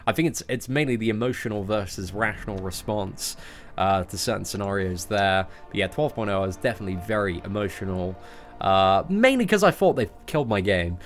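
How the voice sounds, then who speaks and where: A man's voice: on the low side, lively intonation, brisk, faint music behind. A young British man hosting a game livestream, answering viewers in a casual, chatty way and peppering his talk with "man" and "you know". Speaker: livestream host.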